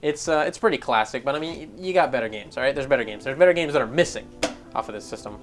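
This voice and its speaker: A man in the middle pitch range rants through gaming news as a casual host. His talk is profane and exasperated, with faint music underneath. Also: animated, fast. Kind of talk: casual commentary.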